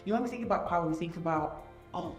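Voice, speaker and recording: A woman with a notably low voice hosts a conversation, encouraging her guest and talking with fillers and restarts. The room is echoey, with faint music in the background. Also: very fast, a little mellow. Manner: affirming, many fillers and restarts. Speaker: interviewer and event host. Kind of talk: warm conversational interview.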